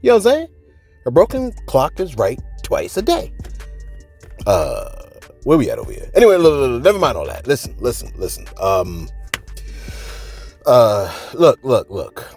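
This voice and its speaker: A man hosting a celebrity gossip channel, talking casually to viewers with animated rhetorical asides and repeated words. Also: medium pitch, normal speed, pauses often, breathy edge, soft background music. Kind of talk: casual gossip commentary to camera.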